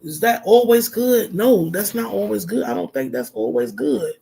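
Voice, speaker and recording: A man's voice: sits high, sing-song, moderate pace, vocal fry, mellow, husky. A middle-aged man, a minister, talking heartfelt and rambling on a casual livestream, with lots of fillers.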